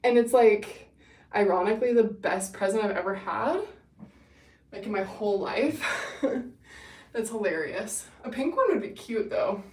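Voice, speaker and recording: Slightly out of breath from running, a young livestream host chats with her viewers in a bubbly, gushing way. Her medium-pitched voice is animated and darkish, a little slow with long pauses. She sits far from the mic in an echoey room.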